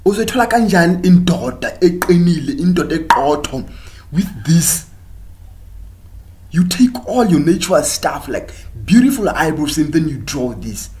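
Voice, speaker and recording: A man's voice: a little high, big pitch swings, normal speed, a little mellow. A South African man doing a mocking comic rant to the camera, preaching at women and switching between English and local languages. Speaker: comedian vlogger.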